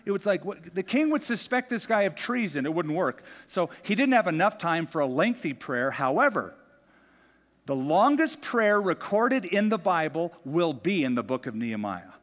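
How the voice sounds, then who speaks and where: Animated man preaching in an echoing hall. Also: on the high side, normal speed. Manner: animated storyteller, acts out quoted dialogue. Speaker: pastor. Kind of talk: expository Bible teaching sermon.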